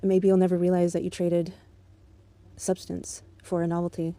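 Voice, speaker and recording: A woman's voice: lowish voice, monotone, normal speed, warm tone, no room sound. A woman in an angry, profane monologue aimed at an ex-partner, bitter and contemptuous but controlled. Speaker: vlogger.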